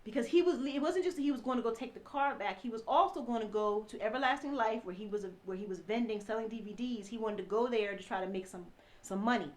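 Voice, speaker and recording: A woman telling an emotional personal story, halting and restarting often as she relives it. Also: a little high, a little mellow. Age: adult mother. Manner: halting, many restarts, acts out quoted dialogue.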